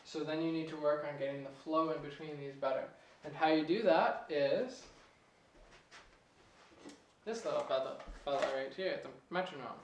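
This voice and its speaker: A young man giving a casual piano lesson, relaxed and chatty, chuckling at himself now and then. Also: fairly high pitch, moderate pace, recorded from a distance, slight background noise. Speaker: piano teacher. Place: room with a piano. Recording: echoey room, voice off-mic.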